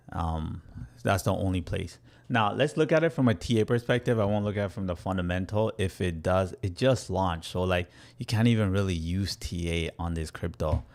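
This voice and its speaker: A young man with a low, gravelly voice chats energetically through a crypto livestream. He answers viewers directly in a playful, loose way. He has some grit on the low end. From Canada. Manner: energetic, chatty, playful with viewers, laughs often. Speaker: crypto educator hosting a livestream.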